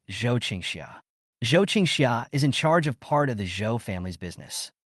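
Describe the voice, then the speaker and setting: A man narrating a comic story recap with steady storytelling. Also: mid-range voice, dry recording, clean studio sound.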